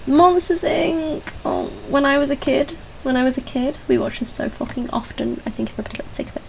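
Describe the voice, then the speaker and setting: Animated, chatty British woman. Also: fast, gravelly, slight background noise, poor audio. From Britain. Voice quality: bursts into squeaky voice stims. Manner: chatty and scattered, swearing, laughing and trailing off. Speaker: video host. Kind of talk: casual solo ranking chat.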